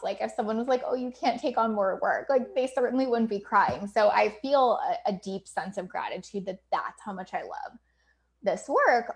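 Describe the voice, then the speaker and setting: Woman in her thirties, business coach on a casual livestream; candid, chatty, laughs easily, swears, lots of fillers. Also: mid-range voice. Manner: filler-heavy with many likes and ums.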